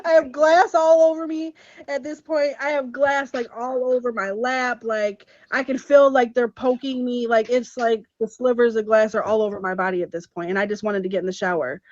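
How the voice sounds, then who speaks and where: A woman on a podcast, telling a story in an animated, emphatic way and laughing as she goes. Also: a little high, normal speed, no room sound. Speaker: podcast co-host. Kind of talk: casual storytelling chat. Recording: dull, slightly muffled podcast audio.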